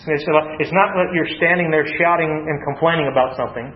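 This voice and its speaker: A man preaching a sermon, stumbling and repeating words as he talks, and slowing down to read scripture. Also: fairly high pitch. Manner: halting, repeats words, reads scripture slowly. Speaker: pastor. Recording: roomy, dull lo-fi sound.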